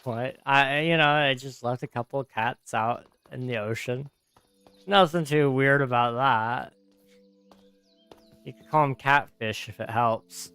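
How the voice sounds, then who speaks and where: In a dry, smooth recording, a gaming streamer speaks at a measured pace with a medium-pitched, bright and forceful voice. The young man is tired and yawning, yet easygoing as he rambles and responds to messages he reads from chat.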